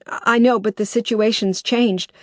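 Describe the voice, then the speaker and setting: A woman's voice: medium pitch, fairly even intonation, moderate pace, dry recording, studio quality, voice pushed up, close to an everyday voice. A woman voicing a desperate, determined woman who talks in an urgent, pressing way.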